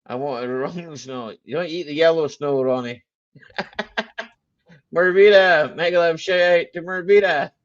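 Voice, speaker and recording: A man's voice: a little high, measured pace, dull audio. A man hosting a casual live chat stream, joking and laughing a lot as he answers viewers. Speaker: livestream host.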